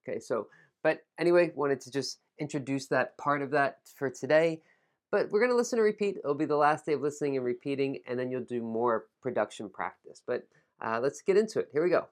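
A man teaching English pronunciation, modeling words slowly for listeners to repeat and adding casual explanations. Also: medium pitch, animated. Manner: slow, deliberate modeling of words, casual asides.

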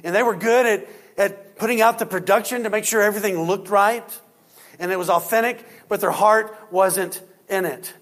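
A man preaching a sermon in a fairly high voice. He leans into key points with rising force and drops to a low, hushed tone when reading scripture aloud. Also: normal speed. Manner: preaching with rising emphasis, then dropping quiet for scripture reading. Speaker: pastor.

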